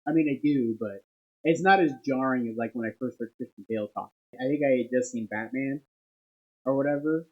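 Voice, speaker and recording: A man co-hosting a casual podcast chat, excitable and animated as he tells stories. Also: medium pitch, fairly quick, slightly rough, narrow, tinny audio. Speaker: podcast co-host.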